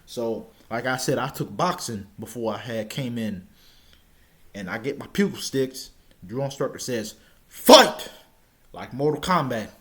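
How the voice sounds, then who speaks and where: A young man casually telling a personal story, stammering now and then and shouting out the lines he quotes. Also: mid-range voice, normal speed.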